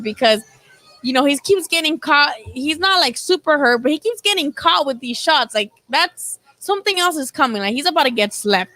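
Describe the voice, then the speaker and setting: A woman's voice: high voice, animated, brisk, pushed and bright, poor audio. A woman hosting a live boxing chat, talking casually and animatedly, swearing freely and acting out what people said. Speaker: boxing channel host.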